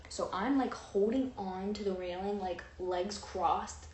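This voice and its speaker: A woman's voice: mid-range voice, a little slow. Chatty young woman rambling in a roomy space. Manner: rambling, animated, with many fillers and acted-out quotes. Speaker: vlogger. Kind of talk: chatty storytelling. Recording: roomy echo, faint noise.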